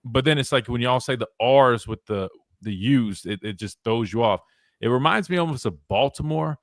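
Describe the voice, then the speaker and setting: A young male sports radio host chatting loosely on air, his pitch swinging widely as he rambles and doubles back on himself. The sound is close and dry, with no room around it. He talks at an ordinary middle pitch. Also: moderate pace, dry recording. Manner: rambling, animated, lots of restarts and "wait, hold on". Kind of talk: casual talk radio chat.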